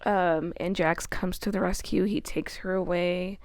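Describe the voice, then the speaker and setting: Young woman, casual book recap, chatty, laughs often, gravelly, dry close sound. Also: fairly low pitch, steady tone, a little slow, darkish tone, dry recording. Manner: chatty, swears, laughs often, lots of fillers. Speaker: book reviewer.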